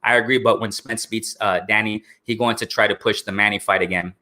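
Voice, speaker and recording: A man's voice: on the low side, fairly even intonation, fairly quick, bright, forceful tone. A man hosting a live boxing stream in a casual way, answering chat and often asking "you know what I'm saying".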